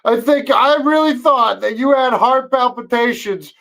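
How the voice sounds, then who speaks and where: A male podcast co-host with an unusually high voice, chiming in with teasing remarks. He jokes along in loose, quick banter with his co-host. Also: a bit bright, rough recording. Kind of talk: casual chat.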